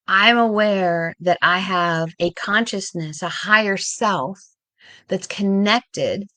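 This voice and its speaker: Slow, measured woman talking spirituality. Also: medium pitch, a bit bright, no echo. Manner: slow, measured phrasing broken into short pauses. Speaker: spiritual talk host. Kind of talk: reflective spiritual vlog talk.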